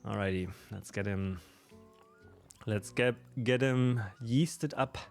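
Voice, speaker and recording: A man's voice: on the low side, slow, vocal fry, a little mellow, faint music behind. A man with a German accent chatting casually with viewers on a live stream while playing a game, laughing often.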